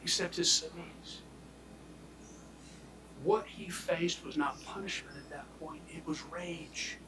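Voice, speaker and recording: A man delivers a prosecutor's closing argument, speaking emphatically and swinging between loud declarations and hushed near-whispers. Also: on the high side, fairly even intonation, slow, crowd noise. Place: courtroom. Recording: echoey courtroom audio from far off.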